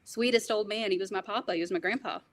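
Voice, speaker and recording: Fast-talking woman guest. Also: medium pitch. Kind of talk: conversational interview.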